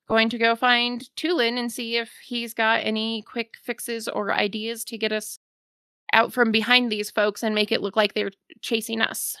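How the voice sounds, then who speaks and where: A woman playing in a tabletop game, playful and deliberate. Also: fairly high pitch, sharp tone, smooth, no echo, clean studio sound. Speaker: player.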